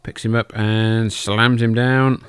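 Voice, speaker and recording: A man hosts a podcast and gives casual, loose play-by-play over old wrestling tapes, joking and swearing freely. His voice is smooth and resonant. It is recorded close in a dry, deadened room. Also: lowish voice, level tone, slow, no echo. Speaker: podcast host.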